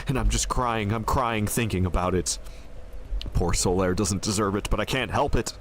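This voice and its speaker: A man streaming a video game, giving excitable live commentary as he plays. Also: lowish voice, moderate pace, slight background noise. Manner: excitable, animated, laughing and groaning at the game.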